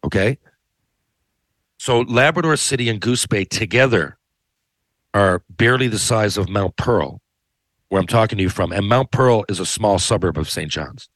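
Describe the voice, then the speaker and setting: A man's voice: lowish voice, normal speed, pauses often, fairly bright tone, dry recording. Rambling man, dry close sound. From Newfoundland, Canada. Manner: rambling, profane, tags lines with "right?". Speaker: podcast host. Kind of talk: casual monologue.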